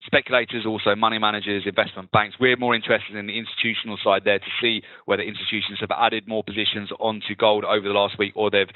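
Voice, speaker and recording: A man hosting a live trading webinar, calmly talking viewers through market charts. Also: fairly low pitch, fast talker, hardly any pauses, no echo. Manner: steady, explanatory, talks through charts. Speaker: webinar host and trading analyst. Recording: tinny phone-like webinar audio.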